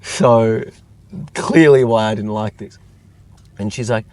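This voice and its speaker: Guest: young guy, lowish voice, rambling storyteller, heavy on "like". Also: measured pace, pauses often. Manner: rambling, lots of "like", animated retelling. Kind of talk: casual storytelling chat.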